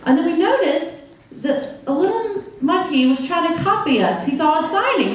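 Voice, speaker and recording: Animated woman storyteller in an echoey hall. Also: high-pitched, normal speed, distant mic. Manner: animated, playful, acts out quoted characters. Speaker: sign language interpreter voicing a deaf storyteller. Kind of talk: live stage storytelling and audience games. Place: large room before a live audience. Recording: very echoey hall, picked up from afar.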